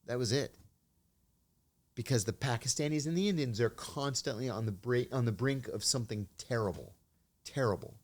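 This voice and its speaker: A man's voice: medium pitch, normal speed. A man, a guest in an interview, speaking casually and telling anecdotes, sometimes acting out the lines of the people in his story. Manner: anecdotal, acts out quoted dialogue. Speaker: interview guest, former intelligence officer.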